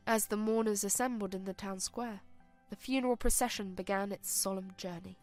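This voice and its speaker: A woman giving a scripted, solemn and measured story narration. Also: mid-range voice, fairly even intonation, a little mellow, soft background music.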